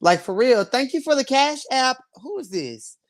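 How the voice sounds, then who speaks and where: A man hosting a live stream, reviewing a reality show in sassy slang. He talks casually to his viewers and laughs often. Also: moderate pace. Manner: sassy, slangy and animated, swinging between loud bursts and low asides; laughs often while talking.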